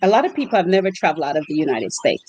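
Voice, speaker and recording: Woman guest, lively storyteller, voices the people she quotes, faint noise behind. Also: on the low side, very fast, dull audio. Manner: animated storyteller, acts out quotes. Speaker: host family mom for exchange students. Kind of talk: storytelling interview chat.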